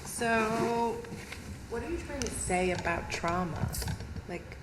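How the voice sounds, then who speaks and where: A woman's voice: on the high side, expressive, slow pace. A woman poetry coach giving direct, demanding instructions in rehearsal. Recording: noisy room, mic from afar.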